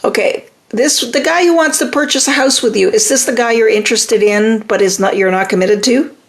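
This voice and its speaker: Woman, middle-aged, live-stream advice host, slightly high pitch, gravelly texture, emphatic, reassuring. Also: a little fast. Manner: animated, emphatic and reassuring, reacting to viewer comments. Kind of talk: live-stream advice, reading comments aloud.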